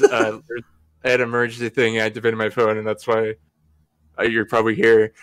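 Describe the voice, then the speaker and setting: A man's voice: lowish voice, little pitch movement, fairly quick, fairly bright tone, smooth. A young man on a podcast, casually telling a rambling story, laughing often and swearing freely. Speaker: podcast host.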